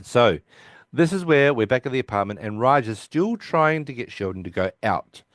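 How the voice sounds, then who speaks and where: A man's voice: mid-range voice, animated, normal speed, no room sound, studio quality. A man co-hosting a podcast, casually recapping an episode by quoting the characters' lines, with lots of restarts. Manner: rambling, with frequent restarts. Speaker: podcast co-host.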